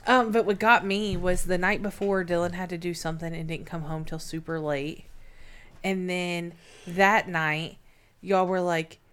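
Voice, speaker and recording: A woman's voice: on the low side, steady tone, unhurried, fairly bright tone, clean tone. A young woman co-hosting a podcast, recounting a story in a candid, wry way with casual swearing. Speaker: podcast co-host.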